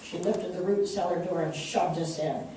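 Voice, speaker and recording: Brief: woman reading her storybook aloud, measured and heartfelt, roomy echo, mic set back. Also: lowish voice, fairly even intonation, dark tone, a little hiss or hum. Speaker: author reading her book. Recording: echoey room, distant mic.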